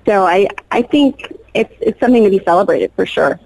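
Chatty young actress, gushing. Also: female voice, mid-range voice, animated, a little fast, vocal fry, darkish tone, poor audio. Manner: enthusiastic, lots of fillers and restarts. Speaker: soap opera actress, guest. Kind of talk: casual interview chat.

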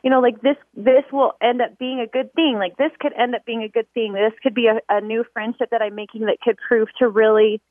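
A woman's voice: fairly high pitch, fairly even intonation, a little fast, hardly any pauses, no echo. A woman calling in to a radio show and talking in a rambling way with many fillers. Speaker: caller. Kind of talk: phone-in conversation. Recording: thin telephone line.

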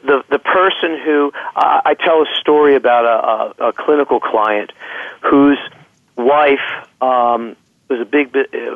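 A man who is a clinical psychologist guest, speaking haltingly over the phone with many restarts. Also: medium pitch, dry recording. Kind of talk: interview conversation. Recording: tinny phone line.

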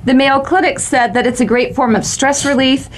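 A woman's voice: sits high, fairly even intonation, moderate pace. A middle-aged woman hosting a talk show, chatting conversationally with her guest. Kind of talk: casual chat.

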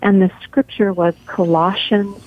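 A middle-aged woman calling in as a guest, telling a faith story in an earnest, steady way. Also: mid-range voice, measured pace. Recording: tinny phone line.

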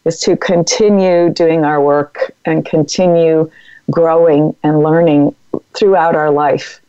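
A middle-aged woman speaking as a guest in an interview, giving advice in a calm, measured coaching way. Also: low voice, dull audio. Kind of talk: interview conversation.

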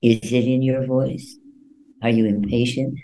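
A man speaking as a guest voice coach in an interview, expressive and acting out little quoted voices. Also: mid-range voice, measured pace, slight background noise, rough recording. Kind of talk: interview answers.

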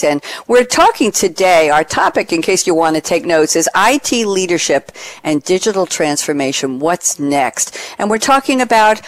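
A woman hosting a radio talk show, lively and playful and quick to laugh. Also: low voice, no room sound.

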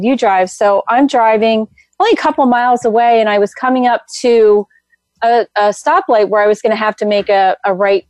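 Animated woman telling a story, dry sound. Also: a little high, dry recording. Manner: animated storyteller, rambling with many fillers. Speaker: guest, energy healer. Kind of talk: casual interview storytelling.

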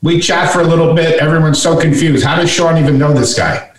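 Animated middle-aged man telling a story, echoey. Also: fairly high pitch, a little fast. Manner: animated storyteller who acts out quoted voices. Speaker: guest author. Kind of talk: storytelling in a conversation. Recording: echoey room, voice from far off.

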